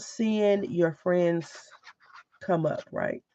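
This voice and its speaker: A woman crafter talks with her viewers in a loose, rambling way, often trailing into "blah, blah." Her voice has a gravelly fry to it. It is a dry, close, slightly muffled home recording. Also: sits low, moderate pace, a little mellow, dry recording. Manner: rambling and chatty, mimics others with "blah, blah". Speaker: crafting channel host. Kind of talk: casual live crafting chat with viewers.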